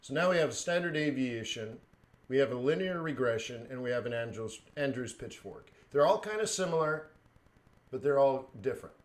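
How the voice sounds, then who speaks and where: A man's voice: medium pitch, lively intonation, a little fast. A man hosting a live trading stream, talking casually with lots of fillers and chuckled asides. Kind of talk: casual chat.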